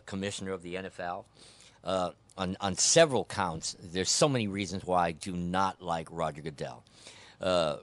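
Blunt, opinionated male podcast host with a low voice, dry close sound. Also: clean tone, dry recording. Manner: blunt, opinionated, with frequent restarts. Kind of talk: casual sports and politics chat.

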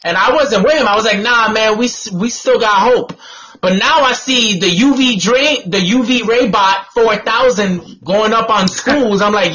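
Ranting, high-voiced man, lo-fi radio. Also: normal speed, sharp tone. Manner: ranting, profane, exasperated. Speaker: co-host. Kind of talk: casual radio talk show banter. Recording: dull lo-fi online radio audio.

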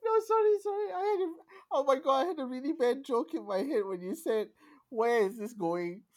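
A woman's voice: high voice, expressive, moderate pace, a little mellow. A woman with a Singaporean English accent, chatting casually with a friend and teasing, laughing often. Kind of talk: casual chat.

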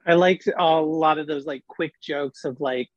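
A man in a casual movie chat, relaxed, recounting jokes from a film. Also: on the high side, moderate pace, dry recording, highs cut off.

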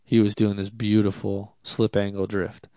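A man, a drift driver, telling a casual story in an interview, animated and self-deprecating, with many fillers. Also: on the low side, moderate pace, no room sound, clean studio sound.

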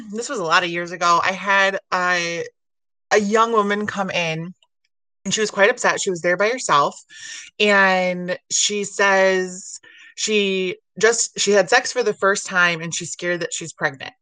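A woman who works as an emergency physician assistant, telling stories in a casual podcast chat, animated and laughing often. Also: mid-range voice, measured pace, dry recording.

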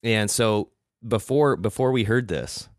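Deep-voiced man telling a story. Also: measured pace, dry recording, clean studio sound. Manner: animated, profane, mimics voices. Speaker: podcast co-host. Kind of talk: casual storytelling chat.

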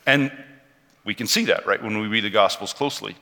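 A man preaching a sermon, telling a story in an animated way and acting out the quotes. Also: on the low side, brisk, vocal fry. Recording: long hall reverb.

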